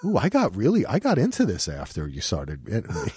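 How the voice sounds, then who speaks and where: Animated, swearing man on a podcast. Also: lowish voice, fairly quick, crowd noise. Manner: animated, profane, restarts often. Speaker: podcast co-host. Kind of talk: casual chat.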